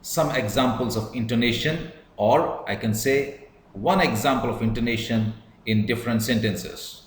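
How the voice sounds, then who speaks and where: A man giving a measured lecture on public speaking, stressing words to demonstrate emphasis. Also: medium pitch, roomy sound, slight background noise, rough recording. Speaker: English teacher. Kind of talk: slow deliberate lecture.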